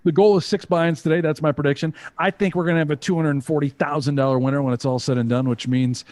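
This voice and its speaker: A man's voice: fairly high pitch, steady tone, fast talker, darkish tone, no room sound. A man co-hosting a poker stream, joking brashly and swearing freely in casual banter.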